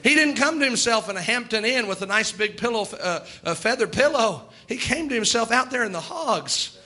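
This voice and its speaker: Man, preacher, folksy sermon delivery, high-pitched, bright tone. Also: lively intonation, moderate pace. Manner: folksy, voices God and sinners in quoted asides.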